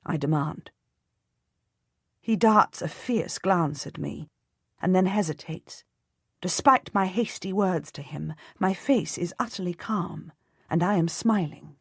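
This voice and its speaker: A woman narrates a first-person historical novel in a measured, commanding way, lending the dialogue dramatic weight. Her voice sits low, and the close studio recording is dry with no room sound. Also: slightly rough, no echo. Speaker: audiobook narrator.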